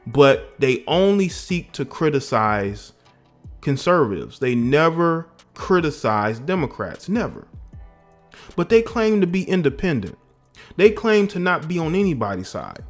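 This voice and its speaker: A man's voice: on the high side, big pitch swings, a little slow, faint music behind. Indignant Southern-raised male commentator. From American South. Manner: emphatic and indignant, with repeated restarts. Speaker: political commentary vlogger. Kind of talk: opinionated political commentary.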